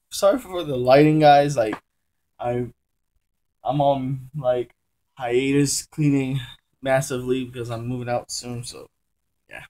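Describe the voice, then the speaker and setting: A man's voice: mid-range voice, warm tone. A young man casually reviewing a comic book at home, rambling and often correcting himself as he talks in loose slang. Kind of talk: casual chat. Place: room at home during a move.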